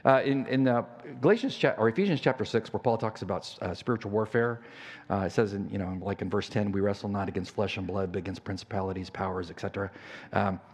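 Speaking fast in a fairly low voice, an older pastor delivers a sermon. His storytelling is conversational and full of fillers and false starts. Church hall reverb surrounds the recording.

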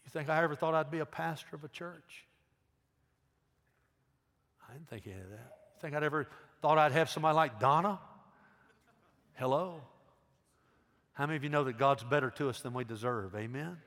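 A middle-aged man, a pastor giving an earnest altar call, swinging between loud emphasis and hushed pleading. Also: medium pitch, brisk, long pauses, slight background noise. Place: large church sanctuary. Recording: long hall reverb.

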